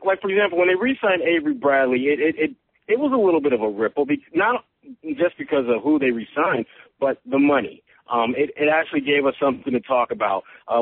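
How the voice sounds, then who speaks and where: A man, a guest sports reporter, giving measured, analytical answers on a podcast. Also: medium pitch, no echo. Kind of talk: sports talk podcast interview. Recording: phone line.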